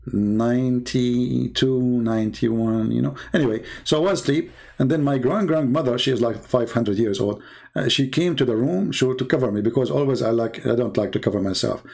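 A man's voice: mid-range voice, vocal fry, darkish tone, husky. A man telling a joking, sarcastic story in a rambling way. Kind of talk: mocking storytelling.

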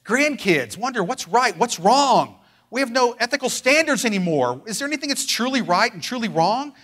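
A male pastor preaching a sermon with fervent intensity, moving from loud declarations to hushed pleading and drawing out phrases for emphasis. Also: very high voice.

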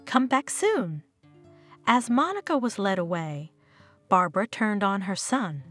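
Breathy woman telling a family story. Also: medium pitch, lively intonation, measured pace. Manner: reads every character's lines in her own voice. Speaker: narrator. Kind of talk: storytelling narration. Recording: narration over soft guitar music.

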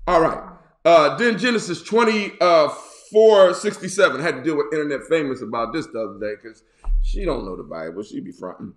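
Male bishop, hoarse, playful with loud outbursts, higher voice, roomy echo. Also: lively intonation. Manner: playful, joking, drawn-out repeats and sudden loud bursts. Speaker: bishop and pastor. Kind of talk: casual online sermon.

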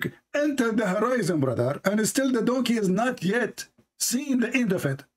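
A man hosting a religious debate show, speaking in a sarcastic, mocking way and reading texts aloud slowly. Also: big pitch swings, darkish tone. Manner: sarcastic, reads texts aloud slowly, mimics opponents in a high voice.

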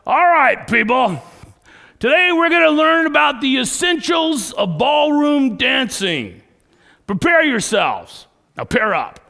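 A man voicing a gruff male gym coach who barks dance drills like military commands. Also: very high-pitched, very animated, takes it slowly, pitched above the performer's own voice, full character voice. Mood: barking. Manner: shouting, military-style commands.

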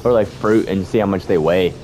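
A low-pitched young man talks fairly quickly over music while playing a horror game. His let's-play commentary is mostly to himself, full of swearing and panic at the jump scares.

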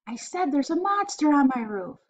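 A woman voicing a scared little boy at bedtime, who talks in high, urgent, worried pleas. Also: sing-song, normal speed. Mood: insistent.

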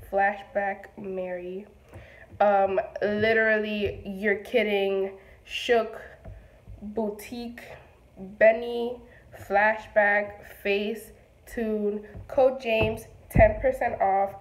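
A woman unboxing on a casual vlog, gushing and excitable, trailing off with fillers. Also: mid-range voice, roomy sound, poor audio. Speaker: beauty vlogger.

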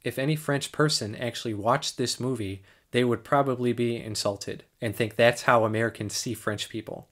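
A man's voice: mid-range voice, a bit bright. A young man co-hosting a casual movie review, talking in a sarcastic, joking way. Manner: sarcastic, joking, puts on mocking voices. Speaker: film review co-host.

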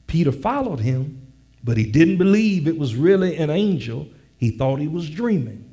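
A male pastor preaching a sermon, teasing his congregation, repeating lines slowly, and building to a shouted preaching cadence. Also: on the high side, very animated.

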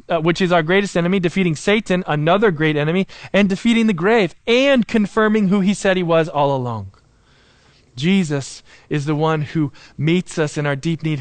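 A man preaching a sermon as pastor, earnest and warm-humored, slowing down and dropping low to stress key points. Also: dry recording. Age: adult, married with young children. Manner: earnest, slows and drops low for emphasis; self-deprecating humor.

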